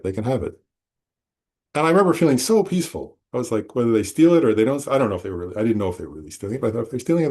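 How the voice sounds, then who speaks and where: A man teaching a Buddhist class in a relaxed, conversational way, often checking in with his listeners and correcting himself as he goes. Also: medium pitch. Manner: conversational, self-correcting, frequent "right?". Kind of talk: informal dharma talk. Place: meditation center class.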